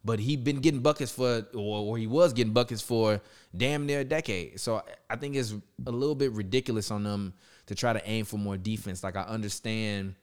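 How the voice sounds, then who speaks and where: A man's voice: lowish voice, brisk, a little mellow, clean tone. A man co-hosting a casual sports talk show, arguing heatedly about basketball, swearing and restarting his sentences. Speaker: podcast co-host. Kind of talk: casual sports talk while watching a game.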